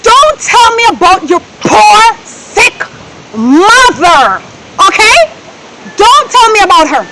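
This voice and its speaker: A woman with a Jamaican accent playing a domineering, scornful wife who scolds her husband and her maid, often breaking into shouts. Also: very high voice, very animated, slow pace, heavy background noise, full character voice. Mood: contemptuous. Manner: scolding, cutting, bursts into shouts. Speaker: actor in a Jamaican stage-style movie.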